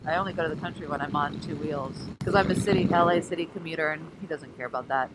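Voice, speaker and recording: A woman's voice: low voice, fast talker. Tired, goofy woman vlogger on a scooter; wind-blasted helmet mic. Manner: playful, silly, jumps between jokes and emotion. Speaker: motorcycle rally vlogger. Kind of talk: casual rambling vlog. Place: riding outdoors on a scooter. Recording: loud wind noise.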